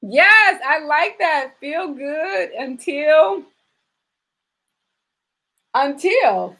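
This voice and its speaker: Woman doing a laid-back live stream, kinda high voice, lots of um and you know, talks straight to viewers. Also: lively intonation, very slow, long pauses, pushed and bright. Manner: chatty, reads and answers viewer comments, frequent fillers. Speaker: fitness trainer and live-stream host. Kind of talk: casual live-stream chat.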